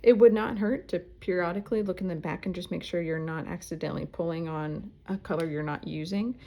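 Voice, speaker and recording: A woman's voice: on the low side, brisk, dark tone. A woman, teaching embroidery at home in a chatty, self-deprecating way. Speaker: embroidery instructor. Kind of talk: casual tutorial talk while stitching. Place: at home, indoors.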